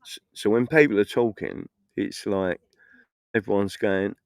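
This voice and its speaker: A man's voice: lowish voice, unhurried, no echo, clean studio sound. A middle-aged man live streaming, telling rambling anecdotes in casual chat and laughing often.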